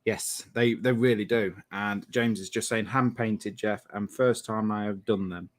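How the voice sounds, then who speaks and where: Low-voiced man reading chat, admiring. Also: fairly even intonation, unhurried. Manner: admiring, drops to soft murmured exclamations over models. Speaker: livestream host of a model-making channel. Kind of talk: casual chat reading out viewer comments.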